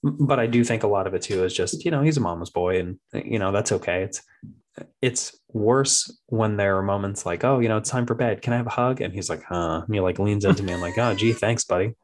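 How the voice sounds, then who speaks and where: Young guy, kinda low voice, animated storyteller, does little kid voices. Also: a little fast. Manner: animated storyteller, mimics his toddler in a high voice. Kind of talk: casual chat.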